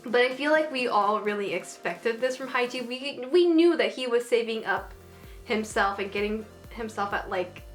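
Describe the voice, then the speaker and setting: A woman reviews anime casually, gushing and getting emotional, her talk packed with fillers, exclamations, lots of "like" and "oh my goodness." Her voice sits on the high side with lively intonation at a moderate pace, over soft background music.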